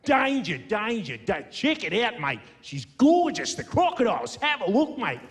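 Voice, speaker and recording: A man putting on an excitable male wildlife showman with an Australian accent, talking in punchy exclamatory bursts. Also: high voice, moderate pace, slightly rough, long reverb tail, pitched above the performer's own voice, full character voice. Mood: thrilled. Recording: live studio audience noise.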